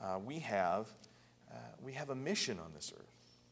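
A man preaching a sermon in a conversational way, often repeating words and building to emphatic high peaks. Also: sing-song, a little slow, husky. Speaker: pastor.

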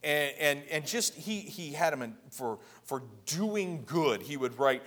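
A man preaching a sermon in a conversational way, often repeating words and building to emphatic high peaks. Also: animated, unhurried, hardly any pauses, a bit bright. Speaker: pastor.

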